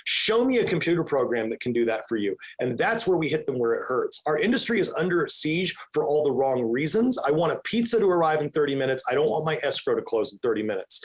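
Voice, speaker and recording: A man answering podcast interview questions with emphatic energy, sometimes acting out his own inner voice. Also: fairly high pitch. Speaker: real estate team leader, podcast guest.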